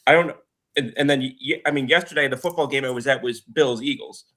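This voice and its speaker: Man, mid-pitched voice, hesitant, stammers, casual sports talk, video call from home. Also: brisk, a bit bright. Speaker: co-host. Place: his mother's house, indoors.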